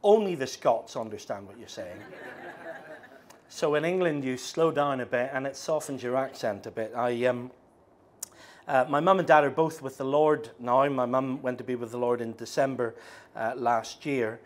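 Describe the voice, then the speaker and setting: A middle-aged man with a Northern Irish accent preaching a sermon, speaking slowly and deliberately with frequent ums and restarts. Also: mid-range voice. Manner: slows down, halting with fillers.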